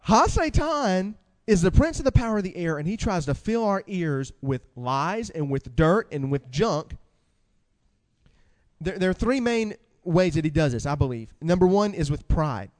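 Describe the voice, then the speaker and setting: A man preaching a sermon with animated delivery, asking the congregation questions and reading scripture aloud. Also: sits high, moderate pace, big-room sound.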